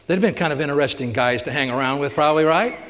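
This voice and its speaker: A man's voice: on the high side, quick pace, a bit bright. Man preaching in a reverberant church hall. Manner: asks rhetorical questions, retells stories with emphasis. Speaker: pastor. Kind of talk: conversational sermon.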